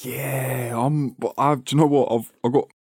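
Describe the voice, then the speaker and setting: A man's voice: mid-range voice, fairly even intonation, normal speed, mellow, husky, no echo. Slangy London man, dry close mic. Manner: slangy, swears freely, laughs often. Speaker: podcast co-host. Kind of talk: casual banter.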